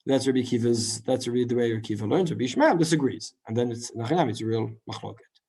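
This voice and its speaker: A man teaching a Talmud class in a lively lecture style, full of rhetorical questions and quick asides. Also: mid-range voice, husky. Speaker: Torah teacher.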